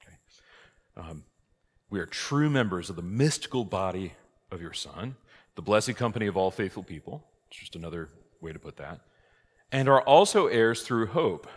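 Low-voiced male priest teaching a class, lively and questioning, in a reverberant hall. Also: breathy edge. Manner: lively, rhetorical questions, emphatic outbursts. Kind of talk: conversational church class teaching. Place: church hall.

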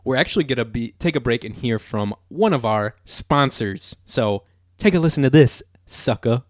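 A man's voice: medium pitch, expressive, moderate pace, no room sound. Easygoing young male co-host, dry mic. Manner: easygoing, joking, drops filler words. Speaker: podcast co-host. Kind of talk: casual chat.

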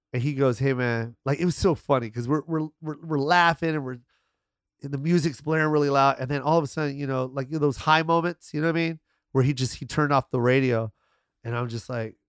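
A man telling animated, swearing stories as a guest in a casual podcast chat. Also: mid-range voice, smooth, no room sound, studio quality. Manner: animated storyteller, swearing freely.

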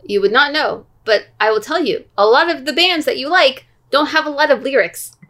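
A woman co-hosting a casual podcast, quizzing her partner on song lyrics, teasing and reading lines slowly. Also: sits high, lively intonation, a bit bright. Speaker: podcast co-host. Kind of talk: casual chat, lyric guessing game.

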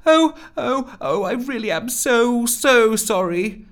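A man doing a flustered, stammering woman in a falsetto. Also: animated, slow, a bit bright, exaggerated voice. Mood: apologetic. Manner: stammering, gushing apologies. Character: flustered, apologetic, bumbling woman office worker. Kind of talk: audiobook character voice.

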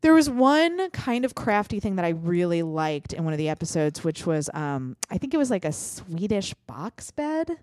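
Animated woman ranting on a podcast. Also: fairly low pitch, moderate pace, few pauses, no echo, clean studio sound. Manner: animated, emphatic ranting with frequent swearing. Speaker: podcast host. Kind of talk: casual chat.

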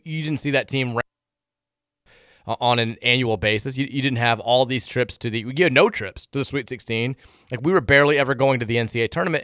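A man's voice: mid-range voice, a bit bright, smooth, dry recording, studio quality. A man hosting a sports radio show in casual talk, blunt and opinionated, often stumbling and restarting his sentences. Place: radio studio.

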